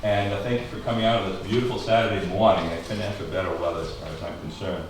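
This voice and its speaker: A man's voice: low voice, fairly even intonation, fast talker, a little hiss or hum. A middle-aged man from Maine hosting a local history talk, chatty and joking with his audience and asking them questions. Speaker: historical society host. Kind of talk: casual talk to a small audience. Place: schoolhouse room. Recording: echoey room from far off.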